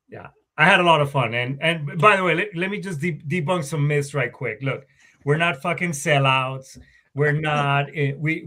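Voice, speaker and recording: A middle-aged Marine Corps veteran warrant officer, speaking as an interview guest, has a voice on the high side with a sharp tone. His stories come out casual and rambling, heavy with swearing and mid-sentence self-corrections.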